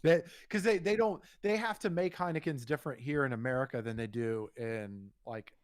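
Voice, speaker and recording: A young man co-hosting a podcast, telling a rambling, profane story and getting animated when he quotes himself. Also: medium pitch, normal speed, dry recording, studio quality. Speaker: podcast co-host. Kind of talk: casual storytelling.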